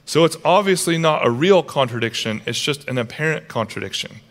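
Animated man preaching a sermon. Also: fairly high pitch, a little fast. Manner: animated storytelling, acts out characters with raised voice. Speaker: pastor.

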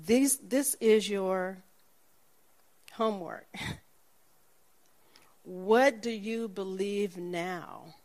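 A woman's voice: mid-range voice, very slow, pauses often. A middle-aged woman preaching, telling a personal testimony and acting out the people in it. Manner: animated storytelling, acts out the people in her story.

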